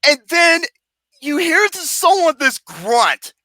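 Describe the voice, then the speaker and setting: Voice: sits high, sing-song, slow, pushed and bright, dry recording. A movie reviewer ranting about a film in a comedic, profane way, mocking and sarcastic, swearing constantly and breaking into laughter.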